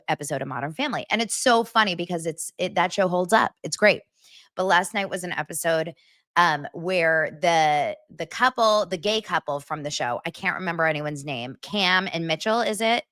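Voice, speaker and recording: A woman's voice: on the low side, fairly bright tone, no echo, clean studio sound. A woman in her forties hosting a casual livestream chat, laughing often and reading viewer comments aloud. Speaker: livestream host.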